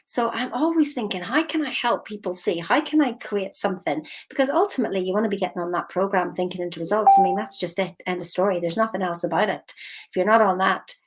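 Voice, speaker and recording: A woman mindset coach giving a lively, emphatic motivational talk straight to her viewers. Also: medium pitch, quick pace, husky. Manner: lively, emphatic, slips into quoted voices.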